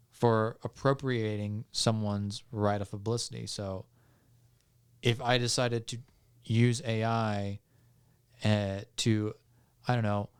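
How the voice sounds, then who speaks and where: A man, a podcast guest, calmly explaining legal points step by step with frequent fillers and restarts. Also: mid-range voice, clear, resonant tone. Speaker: podcast guest on music law. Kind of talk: explanatory casual talk.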